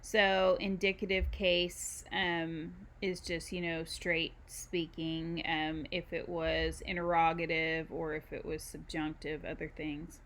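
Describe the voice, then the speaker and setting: A woman teaching a recorded university lecture, explaining slowly with frequent ums and pauses while walking through a document. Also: low-pitched, flat delivery, fairly bright tone, a little hiss or hum. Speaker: university instructor. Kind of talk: recorded screen-share lecture.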